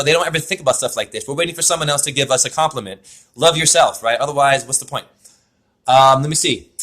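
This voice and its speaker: A man's voice: on the high side, pushed and bright. A man giving a spiritual name reading over a video call, talking in an effusive, rambling way full of wordplay.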